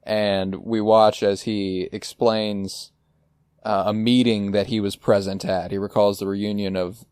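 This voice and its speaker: Casual sweary podcast host, dry mic. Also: male voice, lowish voice, level tone, measured pace, darkish tone, smooth, no room sound. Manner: loose, sweary, recaps scenes and acts out quotes.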